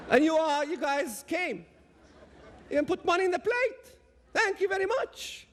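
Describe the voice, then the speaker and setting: A man's voice: very high voice, lively intonation, normal speed, fairly bright tone. A man with a Palestinian Arabic accent giving an impassioned talk, addressing the audience directly and emphatically. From Palestinian territories.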